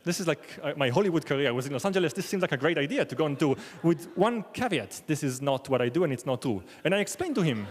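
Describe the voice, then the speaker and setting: A man with a fairly high voice tells a wry, self-deprecating true story to a live audience, slipping into the voices of the people he quotes. His voice rings out with a long reverb from the hall around him. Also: big pitch swings, quick pace, few pauses. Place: large theater stage.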